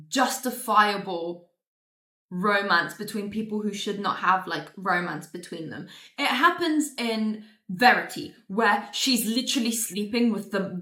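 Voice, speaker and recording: A woman's voice: mid-range voice, bright, forceful tone. A young adult woman casually reviewing a book, exasperated and sarcastic, swearing freely and racing through plot recaps with lots of "like". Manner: rapid plot recap with filler "like". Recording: roomy echo.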